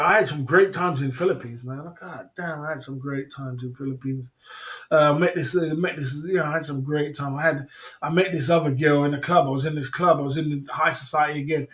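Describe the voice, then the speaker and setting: A man's voice: a little high, a bit bright. A man hosting a livestream, telling rambling stories between laughs in casual chat. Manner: reads viewer comments aloud. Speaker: livestream host.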